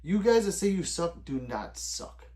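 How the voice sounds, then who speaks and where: A middle-aged man hosts a late-night livestream, chatting loosely with viewers at his desk mic and reading their messages aloud. His talk rambles and is peppered with swearing. His pitch swings widely, rising and dropping from phrase to phrase. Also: sing-song, a little slow, dark tone. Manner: loose and rambling, swears often, answers chat by name. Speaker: livestream host reading chat.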